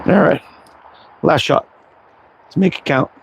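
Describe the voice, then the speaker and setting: A middle-aged man casually chatting on a livestream as he shoots, relaxed and self-deprecating. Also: a little high, measured pace, vocal fry, lo-fi sound, slight background noise. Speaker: slingshot livestream host. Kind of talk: casual live-stream chat while target shooting.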